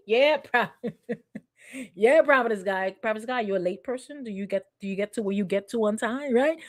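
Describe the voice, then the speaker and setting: A woman's voice: a little high, normal speed. A woman pastor giving a conversational sermon, piling up rhetorical questions and calling out to members of the congregation.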